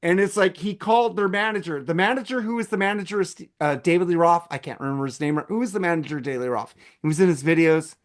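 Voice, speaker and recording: A man hosting a podcast, telling a long story in a casual, animated way and swearing a lot. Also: fairly high pitch, fast talker, few pauses. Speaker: podcast host.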